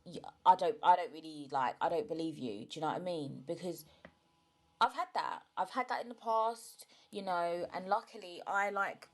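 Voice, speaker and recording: A young woman hosting a solo podcast, talking frankly and chattily, and emotional today. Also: fairly low pitch. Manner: frank and chatty, often asks "do you know what I mean". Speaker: podcast host. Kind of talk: candid solo podcast monologue.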